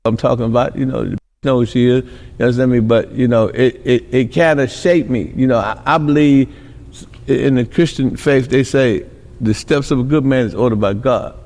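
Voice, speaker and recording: A man's voice: mid-range voice, normal speed, darkish tone, long reverb tail. A middle-aged man from Milwaukee telling rambling stories as a podcast guest, constantly tossing in "you know what I'm saying.". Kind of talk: casual interview storytelling.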